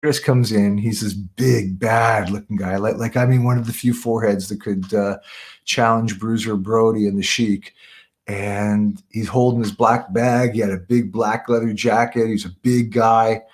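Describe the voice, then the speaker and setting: A man's voice: lowish voice, steady tone, normal speed. A man from Canada, a voice artist being interviewed, telling a story in a rambling, self-correcting way and often repeating "yeah, yeah".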